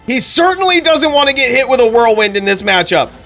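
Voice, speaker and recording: A man's voice: very high-pitched, big pitch swings, a little fast, vocal fry, sharp tone, faint music behind, pitched above the performer's own voice, exaggerated voice. A man doing an impression of an overexcited male fight commentator, stating the obvious in hyped play-by-play.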